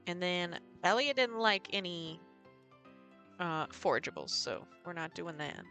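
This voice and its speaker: A woman's voice: lowish voice, expressive, a little slow, bright, forceful tone, faint music behind. A woman live streamer chatting casually with viewers while playing a farming game, thinking aloud and greeting people in the chat.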